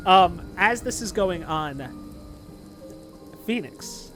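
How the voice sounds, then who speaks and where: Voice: medium pitch, very slow, faint music behind. Game master who narrates while laughing. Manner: laughing, stumbling, animated.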